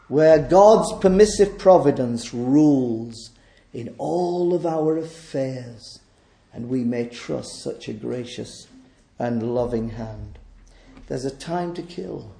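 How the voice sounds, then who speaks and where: A man preaching a sermon in an earnest way, asking rhetorical questions and moving between loud and hushed delivery. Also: medium pitch, roomy sound.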